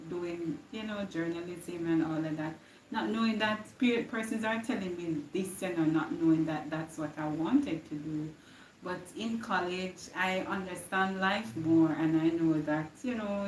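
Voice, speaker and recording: A woman's voice: fairly low pitch, roomy sound, far from the mic, slight background noise, poor audio. A young woman with a Jamaican accent giving an earnest inspirational live-stream talk, slipping into patois now and then. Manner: earnest, preachy, slips into patois. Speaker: live-stream motivational speaker.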